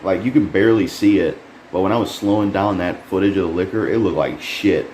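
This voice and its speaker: A man casually reviewing a trailer, rambling and frustrated, swearing often and jumping up in pitch when he can't believe what he sees. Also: brisk, darkish tone. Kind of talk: casual profane commentary. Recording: echoey room with faint air conditioning hum.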